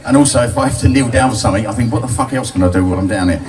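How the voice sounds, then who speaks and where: Racing along in a lowish voice with music behind him, an older man tells crude, cheeky stories live to a bar audience and laughs at his own jokes. The stand-up is recorded from a distant mic amid a loud crowd.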